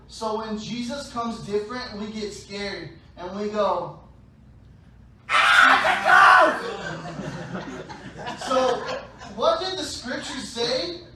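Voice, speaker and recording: A man preaching a sermon, playful, acting out scenes with sudden shouted voices, recorded in a large church hall. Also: sits high. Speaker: pastor. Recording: echoey hall, distant mic, faint noise.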